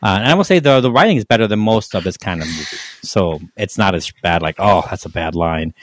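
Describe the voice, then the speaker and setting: A man's voice: on the low side, very animated, fast talker. A man co-hosting a casual movie review chat, rambling with many restarts. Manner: rambling, frequent restarts and fillers. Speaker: podcast co-host.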